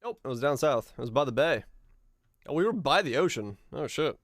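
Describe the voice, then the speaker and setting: A man's voice: mid-range voice, sing-song, brisk, no echo, clean studio sound. A man streaming a geography guessing game, chatting casually and musing aloud, with easy laughs and the odd swear. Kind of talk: casual live-stream chat while playing a geography game.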